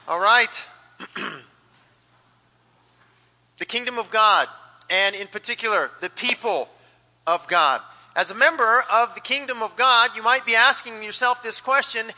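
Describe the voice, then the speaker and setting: A male pastor preaches in a church, rambling through his points with plenty of fillers and restarts. His voice sits high and sounds very bright. A long reverb from the hall trails behind his words. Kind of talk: sermon with a told joke. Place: church sanctuary.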